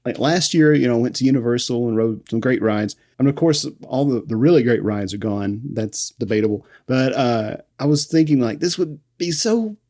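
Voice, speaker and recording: Mellow-voiced man chatting about films. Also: mid-range voice, animated, normal speed, hardly any pauses. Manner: rambling, enthusiastic, laughs often. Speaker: podcast co-host. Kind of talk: casual film discussion podcast.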